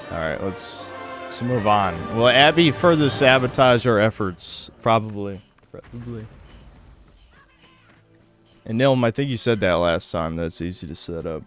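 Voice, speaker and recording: A man's voice: deep voice, a bit bright. A man streaming a video game, who grumbles, swears at the game and chats casually with his viewers. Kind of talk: casual live-stream commentary.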